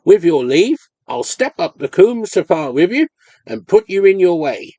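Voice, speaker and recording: A man playing an honest, slow-witted older farmer with a Cornish accent and plain rustic speech. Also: high voice, sing-song, warm tone, dry recording, pitched above the performer's own voice. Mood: cautious.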